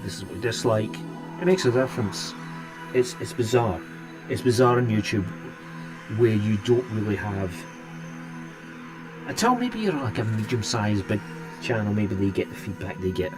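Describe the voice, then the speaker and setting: A Scottish man hosting a live stream and chatting casually with viewers, rambling and restarting his sentences often. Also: on the low side. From Scotland. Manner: rambling, hesitant, many restarts.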